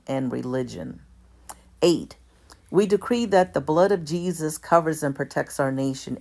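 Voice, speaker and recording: A woman reading a document aloud in a measured, deliberate way, speaking even the formatting marks and pausing to correct herself. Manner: reads out formatting marks like "all caps" and "lowercase"; measured, deliberate delivery with small self-corrections. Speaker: commentator.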